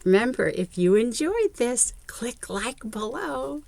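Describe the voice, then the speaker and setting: Lively, slow-paced woman reading to kids. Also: on the high side, vocal fry, no echo. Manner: expressive, child-directed, frequent gasps; talks directly to young viewers. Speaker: children's story reader. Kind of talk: read-aloud picture book narration.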